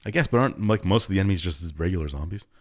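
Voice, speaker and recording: A man with a deep voice and lively intonation speaks very fast as he co-hosts a podcast. In a laid-back, casual way he retells a game's story, briefly acting out the characters.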